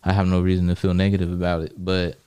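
A man casually telling stories from prison in a relaxed, profane way, laughing often and filling his talk with "like" and "you know what I mean". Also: low voice, quick pace, clear, resonant tone, no room sound. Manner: laid-back, profane, laughs often, many fillers. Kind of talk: casual storytelling chat.

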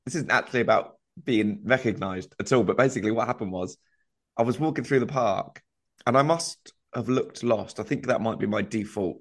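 A man's voice: lowish voice, brisk. Rambling man telling a story. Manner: rambling anecdotes full of fillers and "like". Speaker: comedy podcast co-host. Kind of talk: casual chat.

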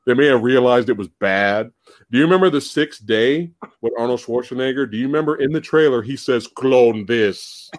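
A man hosting a casual live-stream podcast about movies, animated, laughing often and swearing casually. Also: mid-range voice, fairly quick, dry recording. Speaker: podcast host.

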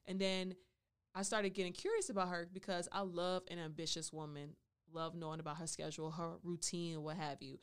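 A woman with a smooth, clean voice tells a personal story on her own podcast. She is playful and chatty, and she slips into talking about herself in the third person. She sounds close to a studio mic. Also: on the low side, steady tone, brisk. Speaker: podcast host.

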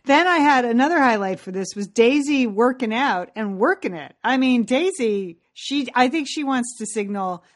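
A woman with a slightly high voice hosts a casual TV recap. She is upbeat and laughs often as she moves the talk from one storyline to the next. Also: lively intonation, normal speed, hardly any pauses. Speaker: podcast co-host. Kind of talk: casual chat recapping a TV episode.

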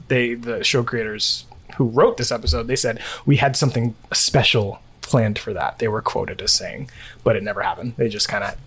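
A man co-hosting a podcast, talking in a chatty, rambling way with many fillers and quick laughs. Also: mid-range voice. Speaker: podcast co-host. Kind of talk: casual chat. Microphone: home recording setup.

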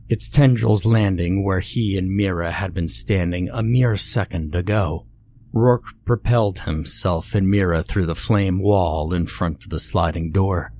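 A man narrating a scary story in a measured, scripted way. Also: sits low, a little mellow.

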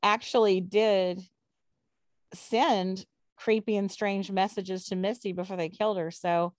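A woman's voice: medium pitch, fairly even intonation, unhurried, no echo, studio quality. A woman co-hosting a true crime podcast, chatting casually and defiantly, laughing easily. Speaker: podcast co-host.

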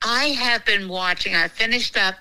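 Older grandmother, Jersey accent, gravelly and bright, chatty and meandering. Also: medium pitch, normal speed, low-quality recording. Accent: New Jersey. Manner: chatty, wandering, self-conscious about her accent. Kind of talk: casual family chat.

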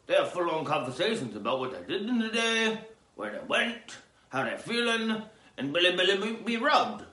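A man riffing on an odd news story in a rambling comedy bit, lurching from loud outbursts to low mumbled asides. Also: big pitch swings, moderate pace, echoey room.

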